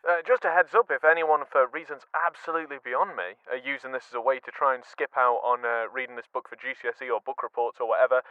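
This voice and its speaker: A man's voice: mid-range voice, steady tone, quick pace, hardly any pauses, pushed and bright, clear, resonant tone, dry recording, soft background music. A young man reads a novel aloud and breaks off into chatty, rambling comic asides. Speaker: podcast host reading a novel. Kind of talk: audiobook reading with comic commentary.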